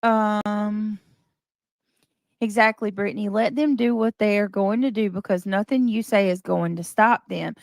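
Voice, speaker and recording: Woman streamer, gravelly, dry close mic, chatty. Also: medium pitch, steady tone, measured pace, darkish tone, dry recording. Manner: chatty, greets viewers by name. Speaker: live stream host. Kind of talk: casual live stream chat.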